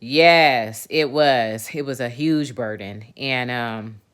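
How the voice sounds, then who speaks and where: A woman's voice: rumbling low, takes it slowly, smooth. A woman in her forties hosts a casual livestream and vents to her viewers. She is candid and emphatic, swears freely, and keeps checking in with the chat as she talks. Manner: talks straight to viewers, often asks "you know what I'm saying". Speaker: livestream host.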